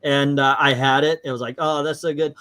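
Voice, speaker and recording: A man's voice: on the high side, steady tone, a little fast, pushed and bright. A man hosting a casual livestream, telling rambling stories and laughing often. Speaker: livestream host.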